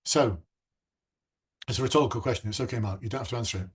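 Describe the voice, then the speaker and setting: Middle-aged male coach with a husky voice, casual and chatty, runs a live online class. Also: mid-range voice, fast. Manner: chatty, reacts to viewer comments. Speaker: police recruitment coach.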